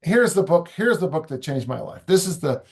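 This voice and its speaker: A man's voice: on the high side, sing-song, normal speed, gravelly, darkish tone, a little hiss or hum. An older man, a strength coach and author, talking casually in an interview, rambling with many restarts and asides.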